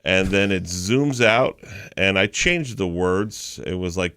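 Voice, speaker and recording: A man's voice: low voice, measured pace, fairly bright tone, clear, resonant tone, dry recording. A man in his fifties, a morning radio host and comedian, telling a long story and acting out the people in it. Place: radio studio.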